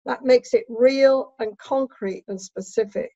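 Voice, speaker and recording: A woman's voice: fairly high pitch, unhurried, dark tone, no echo, muffled recording. A woman therapist and trainer giving a teaching lecture, emphatic and instructive, often checking in with "right?".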